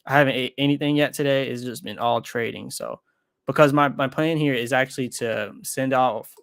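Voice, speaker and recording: A man talks casually on a livestream, rambling and correcting himself mid-sentence as he thinks aloud. His pitch sits in the middle for a man. The sound is dry and close to the mic. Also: steady tone, normal speed, gravelly, fairly bright tone, dry recording. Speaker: crypto trading streamer.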